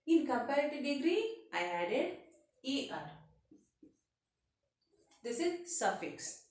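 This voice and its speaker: Slow-talking woman teaching English, echoey room. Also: on the high side, far from the mic. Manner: slow, repeats example words, frequent "okay" checks. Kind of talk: classroom grammar lesson.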